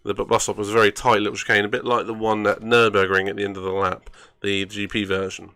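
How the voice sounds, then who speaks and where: A man's voice: lowish voice, little pitch movement, fast, pushed and bright, clean tone. A man chatting casually while streaming a racing game, rambling and grumbling at himself with self-mocking asides.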